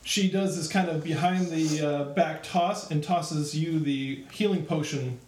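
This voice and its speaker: Game master, male, slightly higher voice, methodical with fillers, roomy recording. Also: a little slow, slight background noise. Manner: steady, methodical, with frequent fillers. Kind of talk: narrating a tabletop game.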